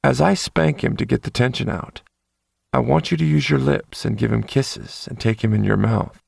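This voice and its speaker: A man voicing a calm, commanding male dom with a low, soothing voice and unhurried authority. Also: gravelly, breathy edge, dry recording. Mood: calm, coaxing.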